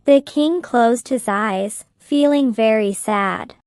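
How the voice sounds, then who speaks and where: Slow, clear woman reading a story. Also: on the high side, a little mellow, no echo, clean studio sound. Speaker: narrator. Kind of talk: slow graded-reader story narration.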